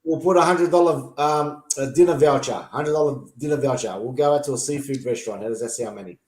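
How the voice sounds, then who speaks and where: A man's voice: mid-range voice, quick pace, a little mellow. An Australian man co-hosting a casual sports chat show, joking and needling his mates. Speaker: co-host. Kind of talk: casual banter.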